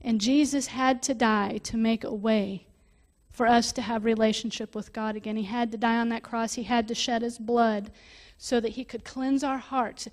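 A woman preaching a sermon, reading scripture aloud and stopping to explain it, growing louder on key points. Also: fairly high pitch, fairly even intonation, moderate pace. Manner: reads scripture aloud and breaks off to explain it, rising with emphasis.

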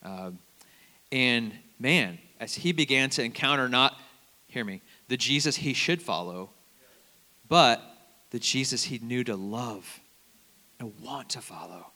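A man preaching a conversational sermon as a campus minister, telling stories in an animated way and quoting other people's words. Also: mid-range voice, measured pace, pauses often. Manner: conversational, animated storytelling with quoted voices. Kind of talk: sermon with storytelling. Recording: long hall reverb.

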